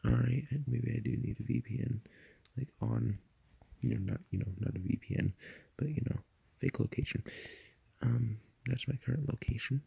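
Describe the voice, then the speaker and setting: Gravelly, husky young man rambling. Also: mid-range voice, fairly even intonation, normal speed, dry recording, dull audio. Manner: rambling, full of fillers and swearing. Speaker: vlogger. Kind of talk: rambling casual vlog. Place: lying in bed at night.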